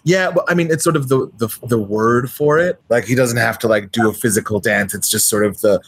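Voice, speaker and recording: A man's voice: medium pitch, a little fast, breathy edge. A man chatting as a player while building a tabletop character, rambling and hesitant with many restarts. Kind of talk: tabletop character creation chat.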